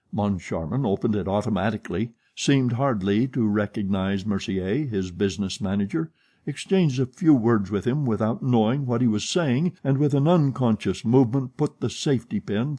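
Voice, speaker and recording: A man narrating a classic novel as an audiobook, in steady, even storytelling. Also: lowish voice, husky. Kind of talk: scripted narration.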